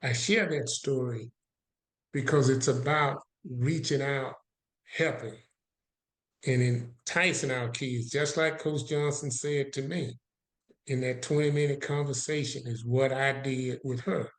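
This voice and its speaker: Male podcast guest, storyteller who plays out both sides of each exchange, mid pitch, echoey room. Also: steady tone, measured pace.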